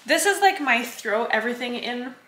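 A woman's voice: fairly high pitch, expressive, moderate pace, pushed and bright, breathy edge, low-quality recording. A young woman from Canada, chatting casually to camera in a rambling, giggly way with lots of fillers. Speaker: vlogger. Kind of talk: casual vlog chat to camera. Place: car, parked.

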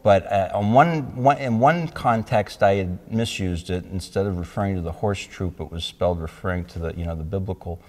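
A man, an author, reminiscing about a friend in a hesitant way with many pauses and fillers. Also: sits low. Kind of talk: anecdotal reminiscence.

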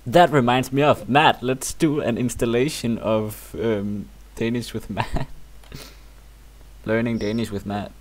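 A man's voice: mid-range voice, steady tone, takes it slowly. A young man chatting casually and teasing his friend while they play a game together. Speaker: co-op gaming partner. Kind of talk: casual gaming chat.

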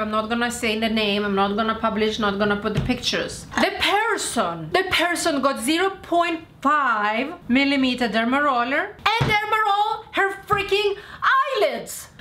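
A high, bright-voiced woman rants straight to camera, blunt and repetitive, swearing and yelling at times. Her voice rings off the walls of an echoey room. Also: a little hiss or hum. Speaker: skincare vlogger and seller. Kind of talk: angry ranting vlog.

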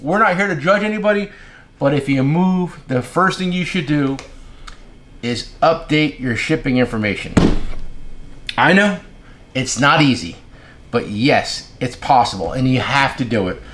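A man hosting a casual tool shop video, telling stories in an animated, exasperated way and repeating himself. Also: medium pitch, unhurried, a little hiss or hum. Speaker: tool shop owner and channel host. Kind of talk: casual storytelling rant to camera.

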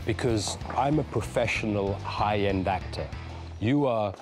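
A man, a comedian speaking deadpan with mock self-importance. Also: on the low side, unhurried. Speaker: comedian guest. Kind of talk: dry comic banter. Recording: music behind.

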